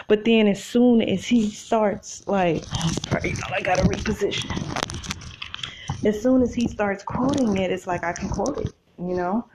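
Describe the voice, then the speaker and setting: A woman's voice: medium pitch, normal speed, noisy background. A woman hosting a podcast, talking casually about faith from her bed, chatty and addressing listeners as y'all. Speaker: podcast host. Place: in bed at home.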